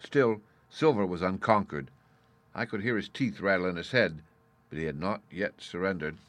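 A man reading a story aloud in steady, measured scripted narration. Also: low-pitched. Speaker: audiobook narrator.

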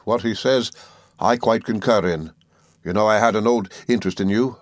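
Weary older gentleman as a man reads him, monotonous, forced, flat, storybook reading. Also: lowish voice, moderate pace, no room sound, studio quality, close to an everyday voice. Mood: dull.

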